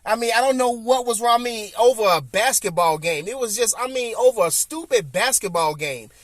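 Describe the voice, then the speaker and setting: A man with a Southern US accent hosting a podcast, telling a personal story in casual chat, animated and repetitive, acting out what people said. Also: high voice, fairly quick, no room sound, studio quality. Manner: animated, repeats himself, acts out quotes. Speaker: podcast host.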